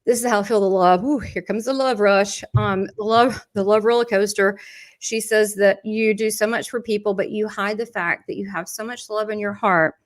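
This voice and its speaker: A woman's voice: medium pitch, steady tone, normal speed. Chatty Southern woman giving a reading. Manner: chatty, laughs often, relays quotes from spirit. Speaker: psychic medium. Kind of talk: live medium reading.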